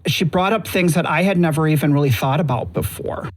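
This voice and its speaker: A man with a somewhat high voice co-hosts a podcast and chats casually. He tells stories in an easygoing manner and laughs along with them. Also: animated, fairly quick. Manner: chuckling storyteller, easygoing. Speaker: podcast co-host. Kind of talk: casual chat.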